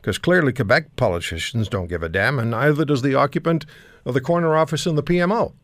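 Male talk show host, conversational, musing, mid pitch, dry close sound. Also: fast, fairly bright tone, no room sound.

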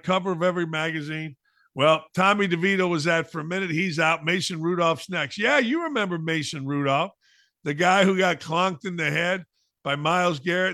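A man with a bright, forceful voice, slightly high for a man, hammers home his sports opinions in a talk-show monologue. He repeats points for emphasis and slips into mocking asides. His voice sounds close and dry, with no room around it. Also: dry recording.

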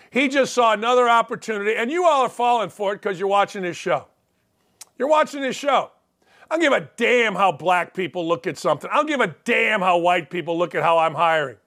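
A man's voice: high-pitched, fairly bright tone. A man hosting a sports talk show, ranting in a blunt, profane, combative way. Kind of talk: opinionated sports talk rant.

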